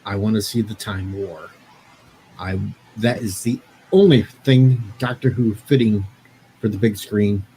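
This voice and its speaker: A man, a panelist on a live-stream show, laying out his opinion quickly and firmly. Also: fairly low pitch, fairly even intonation, warm tone, slight background noise, poor audio.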